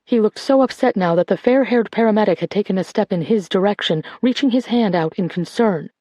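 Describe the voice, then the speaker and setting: A woman narrating a novel in a measured, clear way. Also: mid-range voice, warm tone, no room sound. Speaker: audiobook narrator. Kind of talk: scripted narration.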